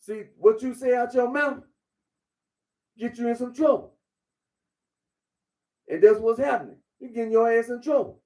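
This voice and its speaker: A man's voice: very high voice, normal speed, long pauses, darkish tone. A man giving a blunt, repetitive monologue, lecturing the listener directly. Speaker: commentator. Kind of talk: casual monologue.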